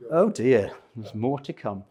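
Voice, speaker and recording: A man's voice: medium pitch, animated, unhurried, dark tone, husky. A retired man in his sixties telling humorous, self-deprecating stories about his life to a church group. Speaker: speaker at a men's breakfast.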